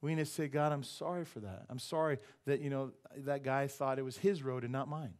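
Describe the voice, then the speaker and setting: Animated male pastor preaching a sermon. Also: mid-range voice, a little fast. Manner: animated, rhetorical questions to the congregation; joking asides. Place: church sanctuary.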